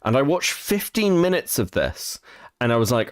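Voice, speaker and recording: A man's voice: mid-range voice, sing-song, normal speed, no echo, clean studio sound. A man streaming casual reaction commentary, chatty and profane, laughing between remarks.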